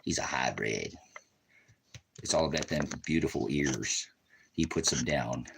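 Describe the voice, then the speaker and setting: Low-voiced ranch preacher guy rambling on, baby-talking his dogs, sometimes near whispering. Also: measured pace, gravelly, a little hiss or hum, low-quality recording. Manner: rambling, talks fondly to his dogs, drops to hushed murmurs. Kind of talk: rambling home vlog.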